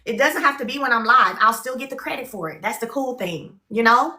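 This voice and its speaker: A woman's voice: a little high, brisk, bright, forceful tone, echoey room. A woman hosting a live shopping stream, chatty and upbeat, urging viewers to buy. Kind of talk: live-stream sales pitch. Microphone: phone.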